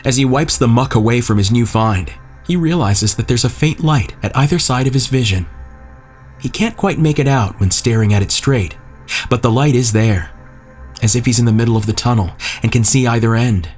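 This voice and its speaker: A man narrating a scripted horror story in a measured, tense way. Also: medium pitch, darkish tone, soft background music.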